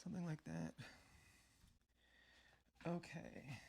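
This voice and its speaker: A man's voice: on the high side, big pitch swings, slow, vocal fry, noisy background. A man vlogging in a meandering, stream-of-consciousness monologue, full of fillers and casual swearing. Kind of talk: rambling personal monologue.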